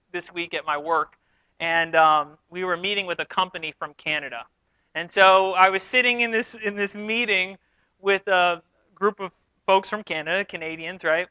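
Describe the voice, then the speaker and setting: A man from New York giving a sermon as pastor, telling stories in a relaxed, self-deprecating way. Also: sits high, clear, resonant tone, dry recording, poor audio. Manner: conversational, self-deprecating storytelling. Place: church sanctuary.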